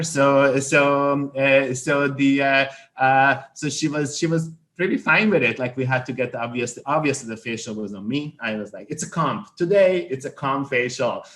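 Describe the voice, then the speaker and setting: A man telling a funny story in a casual interview, animated, with many fillers and restarts. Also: medium pitch. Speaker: skin care company president, guest.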